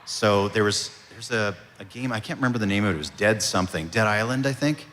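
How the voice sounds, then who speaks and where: A man, a voice actor, answering audience questions at a convention panel in a relaxed, storytelling way. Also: on the low side, quick pace, a little hiss or hum. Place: convention hall. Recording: reverberant convention hall.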